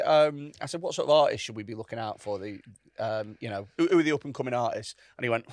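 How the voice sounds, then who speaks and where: A man's voice: mid-range voice, fast, no room sound, clean studio sound. A man on a podcast, telling a story in casual chat. He swears a lot and acts out the other people's lines. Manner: animated, swears often, acts out quotes. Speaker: podcast host.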